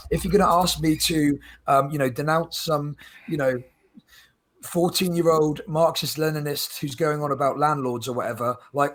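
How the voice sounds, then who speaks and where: A man on a panel laying out his argument in a measured, thoughtful way, with frequent ums. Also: a little high, poor audio. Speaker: panel guest. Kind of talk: debate argument.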